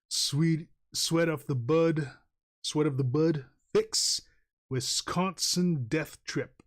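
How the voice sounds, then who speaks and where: Male streamer, casual drawing-stream chatter, rambling delivery with frequent chuckles and fillers. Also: medium pitch. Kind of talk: casual livestream chat while drawing.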